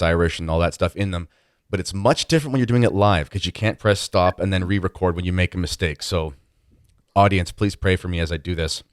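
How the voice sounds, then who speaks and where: A man's voice: deep voice, clear, resonant tone, no room sound, clean studio sound. A man hosting a podcast in a chatty, self-deprecating conversational way. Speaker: podcast host.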